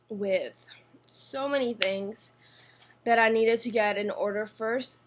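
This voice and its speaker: A young Swiss woman with a Swiss accent, chatting casually to camera from her apartment, rambling with fillers and restarts, recorded on a computer mic. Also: medium pitch. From Switzerland. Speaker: vlogger. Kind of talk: casual vlog talking to camera. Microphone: built-in computer mic.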